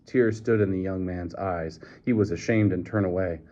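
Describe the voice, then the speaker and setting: A man reading a novel aloud in a measured way, with occasional slips and restarts. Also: low-pitched, mellow. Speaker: reader. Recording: dull lo-fi recording.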